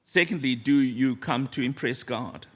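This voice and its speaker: A man preaching a sermon in a church, earnest and storytelling, often dropping to a soft, low voice. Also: measured pace.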